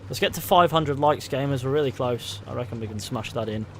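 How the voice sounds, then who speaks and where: A man's voice: medium pitch, brisk, slight background noise. A man doing casual, sweary live commentary while playing a game and bantering with his chat. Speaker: streamer.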